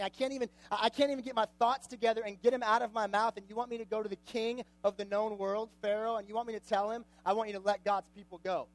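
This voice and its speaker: A man's voice: high-pitched, rough recording. A young man giving a casual, jokey sermon to a youth group, often asking the audience questions. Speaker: youth pastor.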